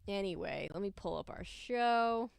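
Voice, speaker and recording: A woman's voice: mid-range voice, expressive, unhurried, vocal fry, very noisy. A young woman hosting a casual livestream, chatting and greeting viewers by name. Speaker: livestream host.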